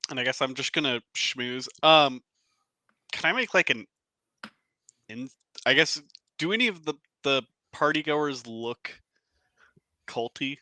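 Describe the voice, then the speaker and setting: A man's voice: medium pitch, unhurried, long pauses, bright, forceful tone, no echo. A man playing a tabletop game, thinking aloud in hesitant, casual talk. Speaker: player.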